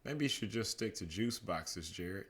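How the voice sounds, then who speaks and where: A man's voice: low-pitched, animated, unhurried. A man voicing a girl bandmate in a bedtime storybook, teasing. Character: girl bandmate who laughs at friends.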